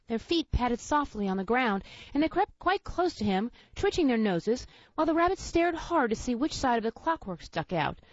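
A woman reading a children's storybook aloud in a gentle, expressive way. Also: sits high, no echo, highs cut off.

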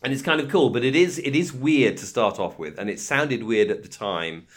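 An English man co-hosting a podcast in casual chat, lively and laughing, slipping into quick impressions. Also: mid-range voice. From England. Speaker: podcast co-host.

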